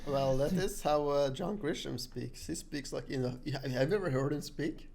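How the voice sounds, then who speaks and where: A man's voice: fairly high pitch, moderate pace, vocal fry, a little mellow. A man hosting a podcast in casual chat, laid back and heavy on fillers, at times reading from notes. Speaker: podcast host.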